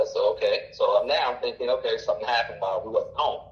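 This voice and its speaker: A man around forty, a caller telling a long personal story in a halting, rambling way with many fillers. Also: fairly low pitch, reverberant, dull audio. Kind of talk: casual storytelling.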